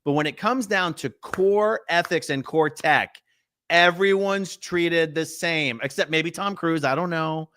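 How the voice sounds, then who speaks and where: A man hosting an interview, reacting to his guest and then giving his own strong opinions in a lively, conversational way. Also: on the high side, a little slow. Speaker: interview host. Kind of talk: casual interview chat.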